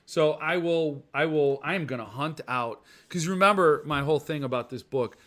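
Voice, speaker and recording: Bright-voiced rambling male podcast host. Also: fairly high pitch, moderate pace. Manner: rambling, jokey, goofs around with mock voices. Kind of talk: ranting casual chat reading viewer comments.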